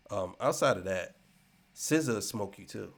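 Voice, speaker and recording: A man giving a casual commentary rant, repeating himself and swinging between loud and soft. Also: on the low side, lively intonation, moderate pace, vocal fry. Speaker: commentary channel host.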